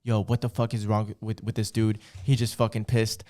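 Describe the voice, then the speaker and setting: A man's voice: lowish voice, moderate pace. A young man in casual podcast chat, telling a story with lots of swearing and acting out what people said. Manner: animated storyteller, swears a lot, acts out quoted lines. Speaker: podcast host.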